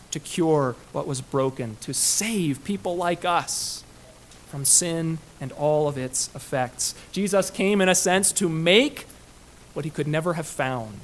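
A pastor delivers a sermon in a slightly high male voice, pressing his points with emphatic, swelling delivery. A faint hiss of room ambience sits under his words. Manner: emphatic preaching with rising and falling intensity.

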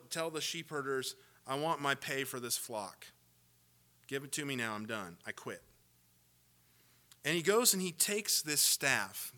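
A man preaching a sermon, with sarcastic asides and rising, impassioned build-ups to loud peaks. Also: mid-range voice. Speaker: pastor.

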